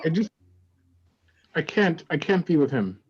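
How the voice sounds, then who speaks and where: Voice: mid-range voice, very animated, measured pace, darkish tone, slightly rough. An actor playing a hesitant young heroine, muffled. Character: young woman fleeing an engagement. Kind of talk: improvised stage comedy.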